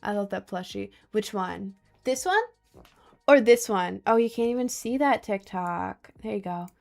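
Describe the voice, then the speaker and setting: A woman's voice: medium pitch, normal speed, creaky, darkish tone, faint music behind. A young American woman chatting casually on a live stream, answering chat with sarcastic jokes and frequent laughter. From United States. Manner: joking, sarcastic, laughs often.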